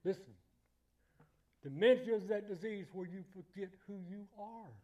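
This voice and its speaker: High-voiced man preaching a lively sermon. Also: normal speed. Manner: emphatic, repetitive, building to loud exclamations. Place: church.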